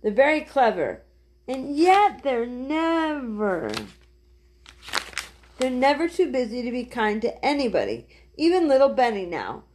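Woman reading fond old housekeeper lady, gentle, bit high. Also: very animated, a little slow.

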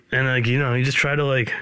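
Rambling podcast host, smooth voice. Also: male voice, mid-range voice, no room sound. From Canada. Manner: rambling, deadpan, self-deprecating. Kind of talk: casual solo podcast monologue.

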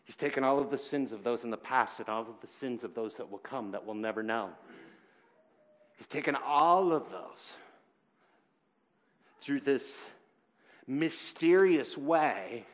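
A man preaching a sermon in church, earnest and halting, swinging between loud emphasis and quiet, heavy moments. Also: medium pitch, lively intonation. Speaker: pastor.

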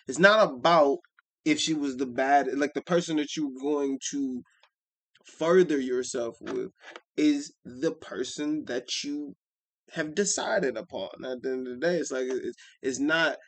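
A man co-hosting a podcast in casual chat, reflective and rambling with many halting restarts. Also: medium pitch, a bit bright. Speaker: podcast co-host.

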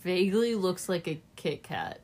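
A woman's voice: lowish voice, animated, normal speed, a little mellow, husky. A young woman co-hosting a casual chat, jumping in with enthusiastic reactions and comments. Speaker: co-host.

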